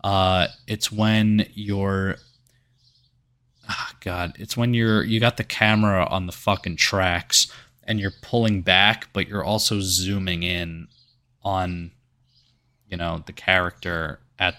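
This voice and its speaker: A man's voice: sits low, flat delivery, slow pace, sharp tone. A man co-hosting a movie review podcast, chatting casually with sarcastic, profane remarks. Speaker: podcast co-host.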